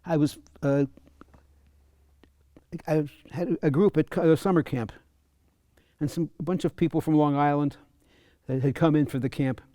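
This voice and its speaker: A man coaching at a fencing clinic, talking in a halting way, restarting and repeating words. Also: on the high side, fairly even intonation, warm tone, dry recording, studio quality. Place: fencing center.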